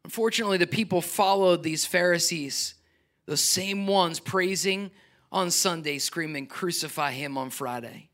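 A middle-aged man with a high-pitched voice preaches a sermon as pastor at normal speed. He's animated, pushing toward near-shouts and then dropping to soft, quiet asides.

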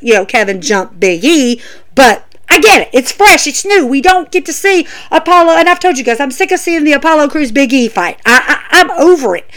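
A woman's voice: high-pitched, fairly bright tone. A woman giving an emphatic, chatty wrestling show review, talking straight to her viewers. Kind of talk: casual opinion vlog.

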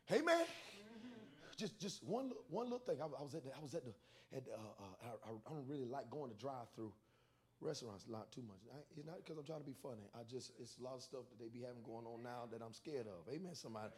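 A male pastor preaches fast in a mid-range voice, animatedly telling comic stories whose stammering restarts build into shouts.

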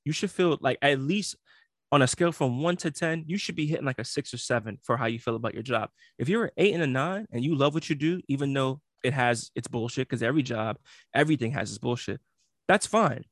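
A man's voice: mid-range voice, brisk, fairly bright tone, no echo, studio quality. A man co-hosting a podcast in casual chat, blunt and profane, lecturing his listeners. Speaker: podcast co-host.

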